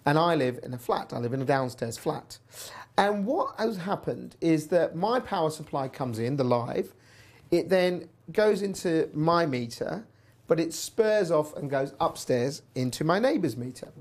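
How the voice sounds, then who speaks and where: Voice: medium pitch, big pitch swings, unhurried, darkish tone. A presenter telling a personal story in a chatty, wry way while hosting a news show. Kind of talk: casual news commentary.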